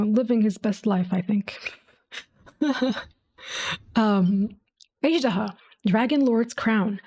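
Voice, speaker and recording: Woman, fairly high pitch, warm mellow tone, reads game lore aloud, gushing asides. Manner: gushing, affectionate asides between readings. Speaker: gaming video creator.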